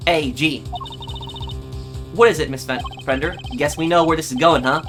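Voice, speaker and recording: A man's voice: fairly high pitch, normal speed, fairly bright tone, natural voice. A man doing a wisecracking folksy lawyer. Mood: breezy. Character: breezy slangy male defense attorney. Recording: game music behind voice.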